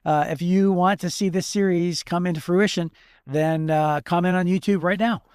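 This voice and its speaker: A man's voice: high-pitched, fairly even intonation, normal speed, darkish tone, smooth, no echo, clean studio sound. A man co-hosting a faith podcast as a pastor, speaking emphatically and repeating words for stress. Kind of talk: casual faith discussion.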